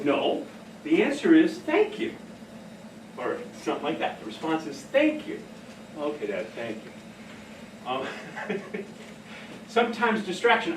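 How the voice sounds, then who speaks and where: A middle-aged man tells stories in an animated, chatty way. His voice sits a little high and rings in a roomy hall. He is heard from some distance, with faint hum behind him. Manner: animated storyteller, laughs often. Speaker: speaker on behavioral care. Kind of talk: casual talk to an audience. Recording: echoey room from far off.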